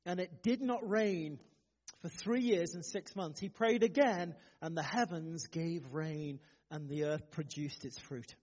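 A man preaching a sermon in a lively, conversational way, often asking his listeners rhetorical questions. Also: on the high side, a little slow. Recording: slightly dull, lo-fi sound.

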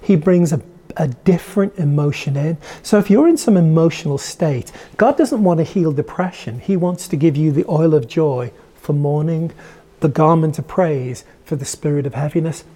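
A man's voice: a little high, moderate pace, warm tone. A man preaching a sermon as a pastor, in an earnest, conversational way with frequent restarts.

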